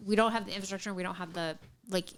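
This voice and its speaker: A woman with a middle-pitched voice, talking casually on a podcast. She explains things plainly and sticks to the facts. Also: steady tone, very fast, background noise. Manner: matter-of-fact, informative. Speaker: podcast co-host. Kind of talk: casual chat.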